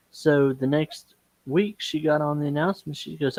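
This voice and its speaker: A man in his forties tells stories casually on a live stream, with a voice a bit higher than most men's. He stumbles over repeated words and acts out what people said. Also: steady tone, moderate pace, a little mellow, dry recording, poor audio. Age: 40s. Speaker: guest, dating and business coach.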